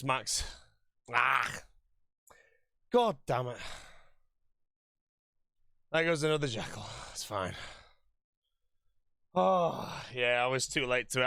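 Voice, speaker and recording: Out-of-breath man, streamer chatting casually, bright crisp voice, dry close sound. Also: medium pitch, no echo. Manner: flustered, self-mocking. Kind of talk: casual game commentary to chat.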